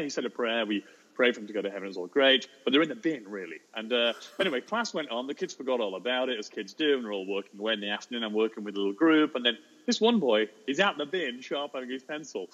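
A man, a teacher telling an animated anecdote in an interview, jumping into high voices for the children he quotes. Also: fast talker, dull audio. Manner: lively storyteller, acts out children's voices in high pitch. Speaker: teacher and storyteller guest.

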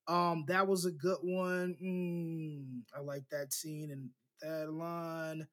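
Man, casual chat, animated, laughs a lot, voice leaps up when acting out lines. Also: slow. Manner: animated, acts out quotes with big pitch jumps, laughs often. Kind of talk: casual film discussion.

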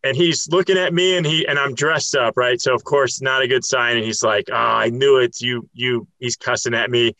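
Bright, dry-sounding man telling stories. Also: medium pitch, brisk, hardly any pauses, no echo, low-quality recording. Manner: animated, laughing, quotes others in voices. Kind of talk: casual storytelling chat.

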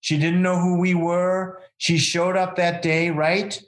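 Male storyteller, slightly high voice, earnest, rambling interview style. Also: little pitch movement, slow. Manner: earnest, rambling, many fillers and restarts. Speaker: event founder telling stories to a host.

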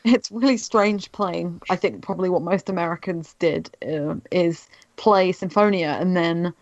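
A woman's voice: on the low side, a little slow, darkish tone, dry recording, dull audio. A woman co-hosting a casual podcast, eagerly retelling a game's story. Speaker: podcast co-host. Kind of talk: casual game discussion.

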